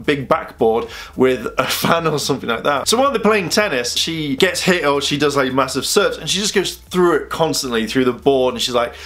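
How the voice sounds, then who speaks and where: A man's voice: mid-range voice, fairly bright tone. A man giving a casual spoken review of an anime, chatty and rambling, with lots of "you know" fillers.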